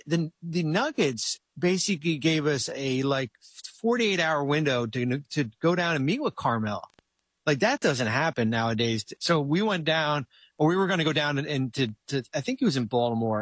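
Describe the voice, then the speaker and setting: A man's voice: on the high side, fairly bright tone, no room sound. A middle-aged man telling a long story in casual chat as a guest, rambling with many restarts and fillers.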